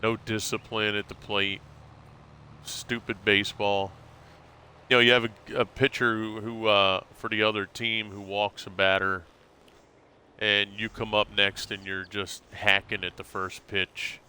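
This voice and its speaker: Laid-back streamer man, bright voice. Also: fairly low pitch, level tone, measured pace, clear, resonant tone. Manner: laid-back, rambling, calls viewers bro. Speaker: live streamer. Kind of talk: casual live-stream chat with viewers.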